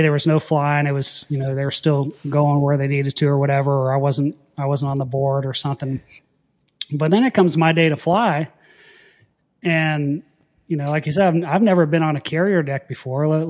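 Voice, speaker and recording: A man, a former Air Force pilot, casually telling a story in an interview, animated, often laughing and restarting his sentences. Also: fairly high pitch. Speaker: guest.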